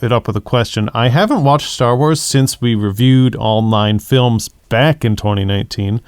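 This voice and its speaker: A man's voice: mid-range voice, normal speed, clean tone, no echo, clean studio sound. A man co-hosting a podcast, casually sharing his thoughts on films and agreeing with his co-host. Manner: thoughtful, agreeable, builds on the other host's points. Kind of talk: casual movie discussion.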